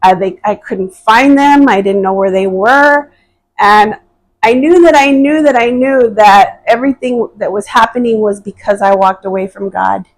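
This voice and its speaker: A woman's voice: mid-range voice, moderate pace, low-quality recording. A woman telling her personal testimony as a podcast guest, speaking hesitantly and earnestly, with frequent fillers and restarts.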